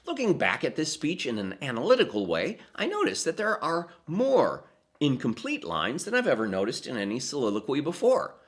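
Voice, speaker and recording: Man, theatre presenter, lively rising and falling pitch, deliberate emphatic delivery, scripted explainer.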